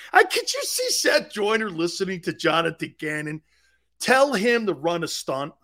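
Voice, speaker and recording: A middle-aged man hosting a sports talk show, loud and boisterous, laughing often and mocking people in impressions. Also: sits high, wildly swooping pitch, unhurried.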